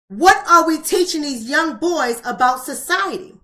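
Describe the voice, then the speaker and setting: A woman's voice: high voice, expressive, measured pace, bright, forceful tone. A woman hosting a live-streamed book club, talking bluntly and emphatically and repeating rhetorical questions.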